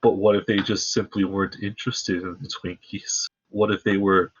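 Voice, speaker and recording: A man playing a tabletop game who talks hesitantly and thinks out loud. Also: low-pitched, level tone, normal speed, slightly rough, dry recording, muffled recording. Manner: hesitant, musing, thinks aloud. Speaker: player.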